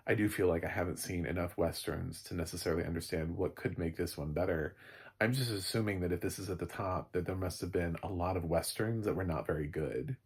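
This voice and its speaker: A man's voice: low-pitched, gravelly, husky. A man casually reviewing an old movie, chatty and rambling, laughing often.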